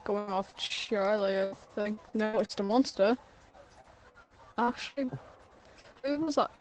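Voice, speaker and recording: A woman's voice: medium pitch, slow pace, a little mellow, a little hiss or hum, rough recording. Woman calling a sim race, matter-of-fact. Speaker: co-commentator. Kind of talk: casual live race commentary.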